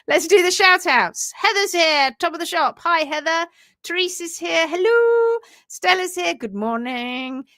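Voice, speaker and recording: A woman's voice: sits high, bright, forceful tone, dry recording, clean studio sound. A middle-aged woman hosting a casual livestream on hoof care, chatting and greeting viewers.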